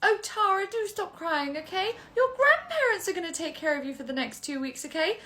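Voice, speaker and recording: A woman's voice: very high voice, big pitch swings, brisk, bright, forceful tone, pitched above the performer's own voice, full character voice. A woman playing a self-absorbed, condescending mother with a patronising, sing-song manner. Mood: breezy.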